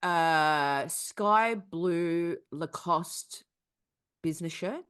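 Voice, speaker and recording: A woman's voice: fairly low pitch, very slow, fairly bright tone, smooth. A young woman co-hosting a podcast, telling a story in casual, profane chat. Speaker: podcast co-host.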